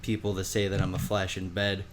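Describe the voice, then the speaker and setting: Animated young man telling a story. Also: fairly quick, a little hiss or hum. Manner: animated storyteller, acts out quotes in high voices. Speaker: podcast co-host. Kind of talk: casual storytelling chat.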